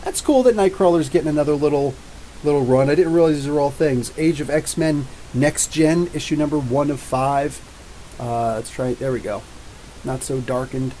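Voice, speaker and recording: A man from New Jersey with drawn-out R's, hosting a live comics show. He rambles and jokes back at viewer comments in a slightly high voice. A faint hiss runs under the recording. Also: warm tone, rough recording. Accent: New Jersey with drawn-out Ohio-style R's. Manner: rambling, jokey, talks back to chat. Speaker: podcast host.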